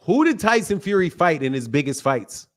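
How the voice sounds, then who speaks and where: Combative high-voiced male host. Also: sing-song, normal speed. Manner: combative, interrupting, profane. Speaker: boxing channel host. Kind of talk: heated debate.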